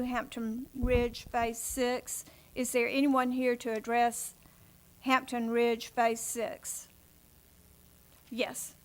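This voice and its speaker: A woman chairing a city planning commission meeting in council chambers, speaking in polite, formal procedural phrasing. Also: a little high.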